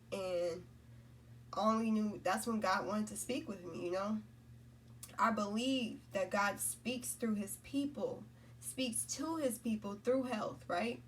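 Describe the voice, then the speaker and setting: A woman's voice: mid-range voice, a little hiss or hum. Rambling woman talking faith, slightly distant mic. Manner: rambling, repeats herself, lots of "right?" and "you know?". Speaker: spiritual content creator. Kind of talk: casual spiritual talk to camera.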